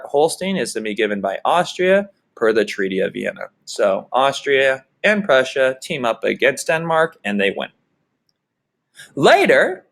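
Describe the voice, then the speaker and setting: A man's voice: on the low side, a bit bright. Chatty male history teacher. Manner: chatty, loose explaining with fillers and restarts. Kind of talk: casual classroom lecture.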